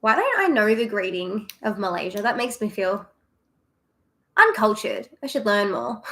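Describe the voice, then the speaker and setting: A woman's voice: medium pitch, big pitch swings, measured pace, pauses often, pushed and bright. A young Australian woman chatting casually with viewers on a livestream, giggly and self-deprecating. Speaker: streamer.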